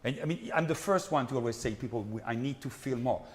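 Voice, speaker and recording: Earnest conductor coaching singers in a hall. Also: male voice, medium pitch, quick pace. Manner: earnest, repetitive coaching with frequent tag questions. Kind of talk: master class coaching. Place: concert hall. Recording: hall reverb with faint background noise.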